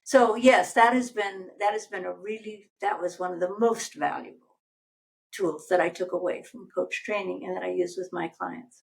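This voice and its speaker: A woman's voice: fairly low pitch, moderate pace, gravelly, low-quality recording. An older woman, a life coach, chatting as a guest and telling stories animatedly while acting out voices. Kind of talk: casual interview conversation.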